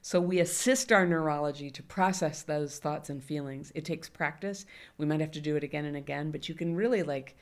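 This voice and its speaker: A woman's voice: low voice, fairly quick. A middle-aged woman, a guest in an interview, talking candidly and animatedly, often laughing. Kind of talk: conversational interview.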